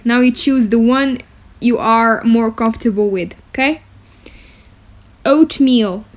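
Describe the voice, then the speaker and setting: A woman gives a beginner vocabulary lesson at a slow, careful pace. Her voice sits a little high, and she pronounces each word deliberately before repeating it. She often checks in with listeners by asking "okay?". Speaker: language teacher.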